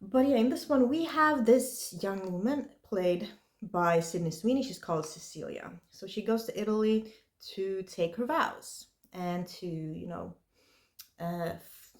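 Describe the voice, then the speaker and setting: A woman's voice: medium pitch, animated, takes it slowly. Chatty woman reviewing films. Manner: rambling, lots of likes and you-knows. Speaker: horror movie reviewer.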